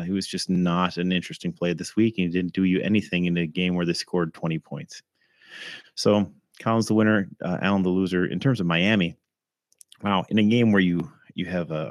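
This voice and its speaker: Casual male podcast host, very low voice, a bit hoarse, chatty with filler words. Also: no room sound, clean studio sound. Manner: conversational, frequent ums and throat clearing. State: slightly hoarse, something in his throat. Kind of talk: casual fantasy football recap.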